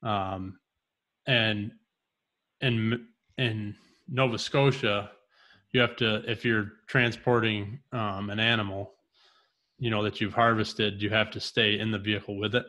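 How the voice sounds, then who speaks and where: A man's voice: fairly low pitch, a little slow, pauses often. A man co-hosting a casual podcast, telling a hunting story and acting out the dialogue of the people in it. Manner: animated storyteller, acts out quoted dialogue. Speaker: podcast co-host.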